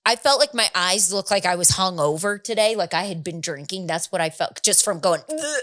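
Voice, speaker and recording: Animated woman telling a story. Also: on the low side, fairly quick. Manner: animated storytelling with laughs and acted quotes. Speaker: podcast co-host. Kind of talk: casual chat.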